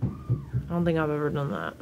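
A woman's voice: sits low, very animated, normal speed, gravelly, muffled recording, noisy background. A young woman from the United States on a casual live stream, chatty and teasing, reading viewer comments, laughing often and talking back to her viewers. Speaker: livestreamer.

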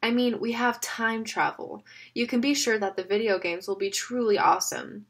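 A woman reading aloud as a sarcastic, smooth-talking villain, a middle-aged man with a mocking, wheedling manner. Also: fairly high pitch, steady tone, moderate pace, close to an everyday voice. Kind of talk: audiobook reading.

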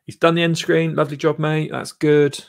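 A man's voice: a little high, flat delivery, normal speed, vocal fry. A man hosting a live stream, reviewing a viewer's channel in a rambling, encouraging way full of fillers. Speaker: YouTube channel coach and host.

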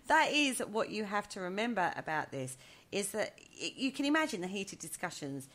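A woman co-hosting a casual chat show, animated and quick to laugh, leading the discussion. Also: medium pitch. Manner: animated, laughs often, leads the topic. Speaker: podcast co-host.

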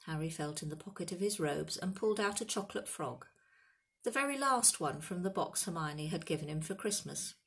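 A woman reading a children's novel aloud as an audiobook, lively in the character voices. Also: on the low side, a little fast, slightly rough. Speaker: reader.

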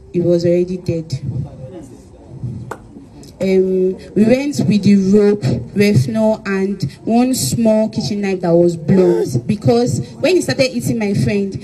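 A young woman giving a statement as a crime suspect, halting and full of fillers. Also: mid-range voice, warm tone, low-quality recording. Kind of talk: recounted testimony.

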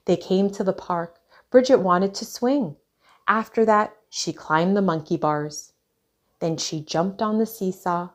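A woman reading a children's picture book aloud, clear and expressive. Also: on the low side. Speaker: storyteller.

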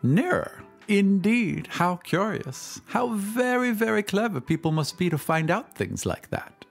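A man's voice: high-pitched, very animated, measured pace, creaky, soft background music, pitched above the performer's own voice, full character voice. A man reading an audiobook, voicing an affected society woman who gushes with false interest. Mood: gushing. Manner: airy, gushing and falsely impressed.

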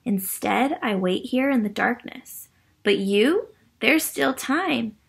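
A woman voicing a wise, worn-down old pencil stub in a storybook, giving slow, solemn advice in a creaky, husky voice. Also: on the high side, animated, full character voice. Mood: wise, urging.

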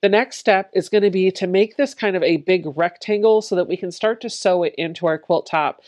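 A woman's voice: on the low side, brisk, a little mellow. A woman giving a step-by-step quilting tutorial, explaining each step plainly in a friendly, encouraging way. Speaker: quilting instructor.

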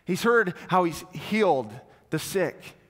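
A man's voice: high voice, slow pace. Man preaching in an echoing church. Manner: animated storytelling, swings between loud and hushed. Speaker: pastor. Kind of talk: sermon. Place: church sanctuary. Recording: long church reverb.

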